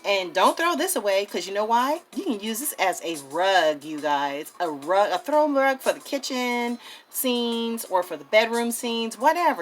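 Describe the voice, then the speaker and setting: A woman hosting her own craft channel, talking viewers through a miniature project in a chatty, excitable way. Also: fairly high pitch. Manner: chatty and excitable, addresses viewers as "you guys". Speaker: craft vlogger. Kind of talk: casual crafting tutorial.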